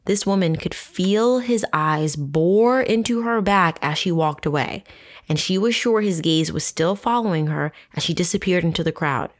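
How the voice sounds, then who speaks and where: A young adult woman hosting a true crime podcast, telling stories in a casual, profane, animated way. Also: fairly low pitch, moderate pace. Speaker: podcast host.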